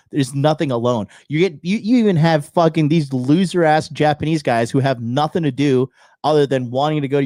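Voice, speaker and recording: A man's voice: mid-range voice, dark tone, no room sound, clean studio sound. A young man hosting a live call-in show, giving blunt, profane commentary on a clip. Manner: blunt and profane, loose and swaggering.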